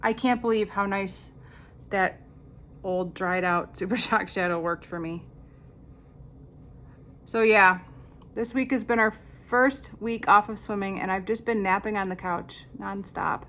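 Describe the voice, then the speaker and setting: Speaking a little slowly and pausing often, a makeup vlogger in her fifties chats through a casual get-ready-with-me video. Her medium-pitched voice has a fairly bright tone, and her rambling stories carry dry, sarcastic asides over slight background noise.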